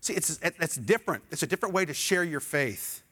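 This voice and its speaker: A middle-aged male pastor preaching a sermon, animated and leading the congregation in call-and-response. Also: fairly high pitch, brisk.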